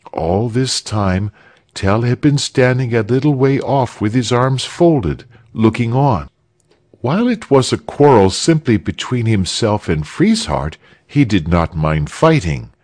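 A man reading a story aloud for English learners in a measured, expressive way. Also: medium pitch. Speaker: narrator.

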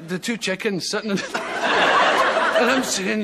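A man's voice: high voice, fairly even intonation, slow, gravelly, a loud crowd. A Scottish man, a talk show guest, tells rambling comic anecdotes and chuckles his way through them. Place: TV studio with live audience. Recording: 1970s TV studio with audience laughter and hiss.

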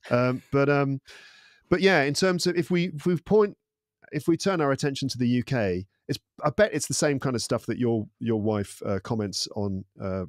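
An Englishman appears as a podcast guest in a casual interview chat, telling stories in a thoughtful, animated way. His mid-range voice moves at a normal speed, with a dry, close sound and no echo.

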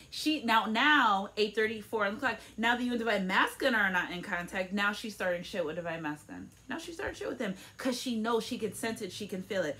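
A woman's voice: a little high, a bit bright. A woman giving a casual tarot reading at home, emphatic and blunt, swearing freely and tossing in "okay?" as she goes. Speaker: tarot reader. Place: room at home.

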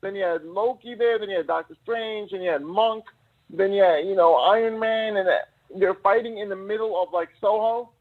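Co-host, man, high voice, chatty rambler, phone-line sound. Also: normal speed. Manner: chatty, rambling, piles up examples. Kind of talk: casual live-stream chat.

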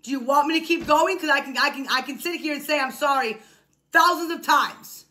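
A woman's voice: high voice, fast talker, fairly bright tone. A woman talking casually on a live stream, defensive and repeating herself insistently.

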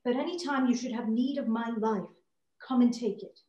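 Young woman voicing a lovesick writer, earnest and imploring, fairly high voice, set back from the mic in an echoey room. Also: moderate pace, warm tone, lo-fi sound, natural voice. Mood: pleading. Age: young adult. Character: lovesick pleading writer, the actress's lover. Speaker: student actor. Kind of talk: stage drama over video call. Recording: distant echoey room over video call.

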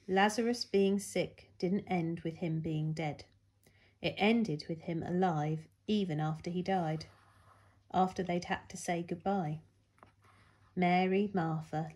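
A woman reading a Bible story to children at a church, with big jumps in pitch and loudness for emphasis.

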